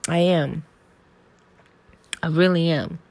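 A woman's voice: deep voice, slow pace, a little mellow. A woman hosting her own podcast, talking candidly in a rambling, salty, self-deprecating way. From American South. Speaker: podcast host. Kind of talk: casual solo podcast monologue.

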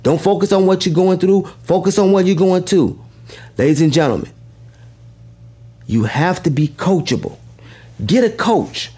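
A man giving a motivational speech, emphatic and preacher-like, repeating his key lines and swinging widely in pitch. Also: normal speed, pauses often, warm tone, breathy edge. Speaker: motivational speaker.

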